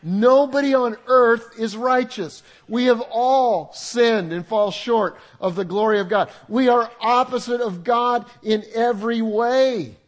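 An older man preaches in a high, light voice. His delivery is conversational and humorous, with asides to the congregation between scripture readings. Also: measured pace, few pauses. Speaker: pastor. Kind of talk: sermon. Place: church sanctuary with congregation.

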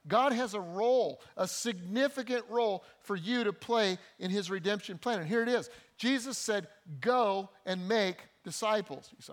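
A male pastor preaching a sermon, repeating key phrases for emphasis and moving between hushed and raised delivery. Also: sits high, moderate pace.

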